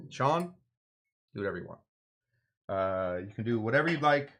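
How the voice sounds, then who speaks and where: A man in the middle pitch range hosts a live drink-making show. He talks in a loose, wandering way, full of fillers and side stories. He cracks jokes and answers his own questions. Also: fairly quick, pauses often, fairly bright tone. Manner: rambling and digressive, with many fillers and asides.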